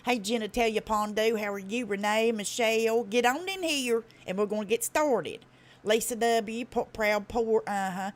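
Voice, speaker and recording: A woman with a Tennessee Southern accent hosting a live stream, talking fast with a blunt, profane, folksy drawl. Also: on the high side. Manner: fast talker. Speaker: livestream host. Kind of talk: casual live-stream commentary.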